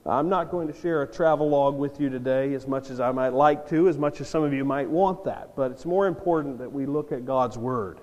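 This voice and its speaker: A man's voice: medium pitch, brisk, few pauses, darkish tone. A jet-lagged pastor preaching a sermon to his church, earnest and swelling into emphatic bursts. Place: church sanctuary. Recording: long reverb of a church hall.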